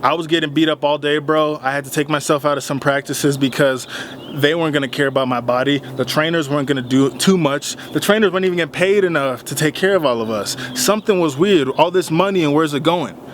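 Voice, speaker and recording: A young man in a casual vlog, retelling a dispute in an animated, heated way. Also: fairly high pitch, fast talker, slight background noise. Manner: animated, retells arguments with rising heat. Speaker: vlogger.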